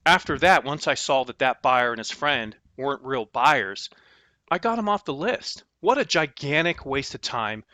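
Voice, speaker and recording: A man hosting a real estate investing channel, telling a story in a casual, animated way and acting out both sides of his conversations. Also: mid-range voice, moderate pace, no echo.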